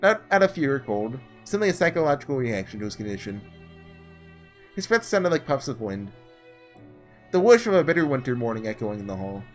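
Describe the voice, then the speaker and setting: Man reading as a frail, weary young woman narrating a visual novel game; lively pitch, faint music under it. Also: brisk, natural voice. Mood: reflective.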